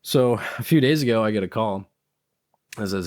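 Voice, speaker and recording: A man's voice: on the low side, moderate pace. A man hosting a podcast, telling a story casually, swearing and acting out what people said. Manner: animated storyteller who swears and acts out quotes. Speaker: podcast host.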